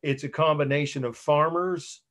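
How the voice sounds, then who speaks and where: A man teaching a college art history class over a video call, talking in a relaxed, halting way with frequent restarts and asides. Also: a little high. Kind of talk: online lecture. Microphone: computer mic on a video call. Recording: video call audio with dropouts.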